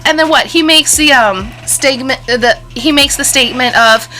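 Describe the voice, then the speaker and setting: A young woman hosting a casual movie review, animated and sarcastic. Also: high voice, normal speed, few pauses, soft background music. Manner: animated, sarcastic, laughs often. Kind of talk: casual film review chat.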